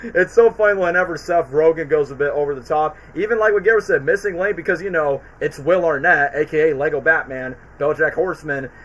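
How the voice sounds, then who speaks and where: A man's voice: on the high side, brisk, fairly bright tone, rough recording. A man hosting a casual stream chat, rambling with lots of fillers. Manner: rambling, quotes movie lines in put-on voices, many fillers. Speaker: streamer host.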